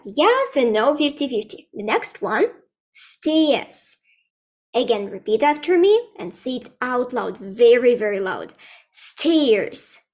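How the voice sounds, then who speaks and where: A young woman teaching English to children in a live online lesson, speaking slowly and repeating words for learners. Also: fairly high pitch, a little mellow.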